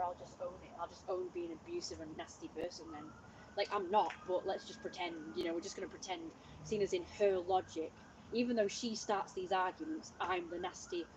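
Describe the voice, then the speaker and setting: A woman's voice: mid-range voice, darkish tone, a little hiss or hum, poor audio. Rambling woman on a livestream. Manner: rambling, lots of "like" and restarts. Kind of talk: casual livestream chat. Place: home, livestream.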